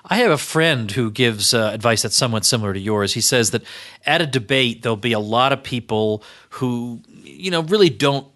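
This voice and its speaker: Bright-voiced podcast host. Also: male voice, mid-range voice, expressive, normal speed. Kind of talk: casual interview.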